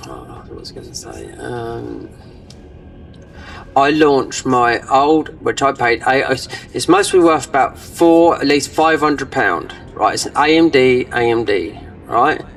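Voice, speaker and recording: A man's voice: mid-range voice, takes it slowly, a bit bright, distant mic, a little hiss or hum, poor audio. Rambling man narrating gameplay. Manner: rambling, trailing off, many fillers. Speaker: gaming channel host. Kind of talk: casual gameplay commentary.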